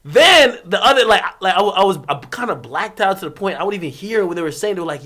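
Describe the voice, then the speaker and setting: A young man from Jamaica, a streamer telling a rowdy story in casual chat, swearing freely, laughing, swinging from loud bursts to low mutters. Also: animated, quick pace, few pauses.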